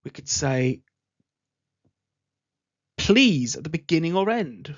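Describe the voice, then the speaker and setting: Slow-paced English teacher, patient, repeats examples, dry dull lo-fi recording. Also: medium pitch, sing-song, dry recording. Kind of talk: online grammar lesson.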